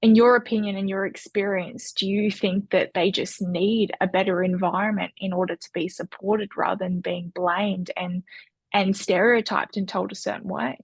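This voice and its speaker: Husky woman, dry close sound. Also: mid-range voice, steady tone, no echo. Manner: thoughtful, measured questioning. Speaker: podcast host. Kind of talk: interview questions.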